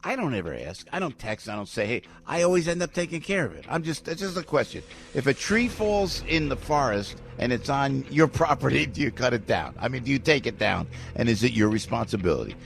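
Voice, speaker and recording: A man's voice: mid-range voice, very animated, brisk, creaky, hardly any pauses. A man hosting a radio talk show, chatting in a rambling, jokey way with many restarts.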